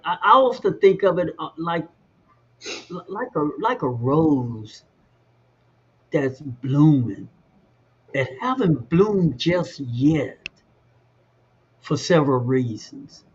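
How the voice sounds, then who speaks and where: Male talk host, very slow and halting, husky, muffled sound. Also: fairly high pitch, big pitch swings. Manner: slow, halting, searching for words. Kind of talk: reflective talk show hosting.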